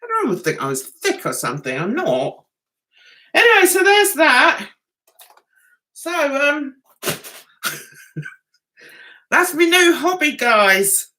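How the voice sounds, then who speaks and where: Giggly, lively woman vlogger. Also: high-pitched, takes it slowly, pauses often. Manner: rambling and giggly, chatting directly to viewers. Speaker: vlogger hosting a livestream. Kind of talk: casual livestream chat.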